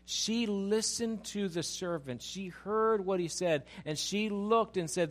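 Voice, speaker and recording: Animated male preacher, lively delivery. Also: high voice, slow, hardly any pauses. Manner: animated, rising to loud emphatic passages; addresses the congregation directly. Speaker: pastor. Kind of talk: sermon.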